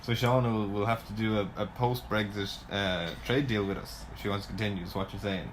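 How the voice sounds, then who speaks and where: A man co-hosting a podcast, blunt and deadpan in casual chat. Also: on the low side, a little fast, a little hiss or hum, rough recording. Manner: dry, blunt, deadpan put-downs. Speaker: podcast co-host. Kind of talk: casual chat about fantasy sports.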